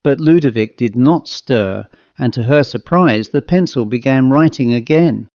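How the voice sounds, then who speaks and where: A man narrates a ghost story in a steady, measured way. His voice is mid-pitched. The recording is dry, close and somewhat dull. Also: no echo. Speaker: audiobook narrator. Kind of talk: scripted narration.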